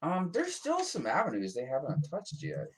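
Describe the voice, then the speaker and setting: A fairly high-pitched American man co-hosts a livestream at a moderate pace, with slight background noise. His casual chat is relaxed and rambling, dotted with many ums.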